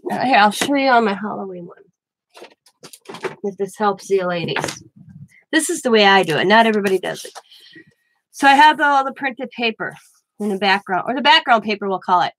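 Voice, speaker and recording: A woman's voice: mid-range voice, animated, moderate pace, pauses often, a bit bright, a little hiss or hum. A woman hosting a casual crafting livestream from home, chatting with viewers by name and often restarting her sentences. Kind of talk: casual live-stream chat.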